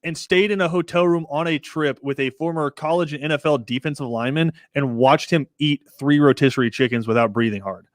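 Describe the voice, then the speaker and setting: A man hosting a casual sports podcast, chatting in an animated, talkative way as he tells stories. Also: on the high side, a little fast, hardly any pauses, dry recording, studio quality. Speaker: podcast host.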